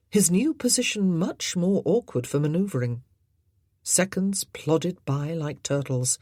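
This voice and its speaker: A woman narrating an audiobook, measured and expressive in her storytelling. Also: low voice, no room sound, studio quality. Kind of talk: scripted narration.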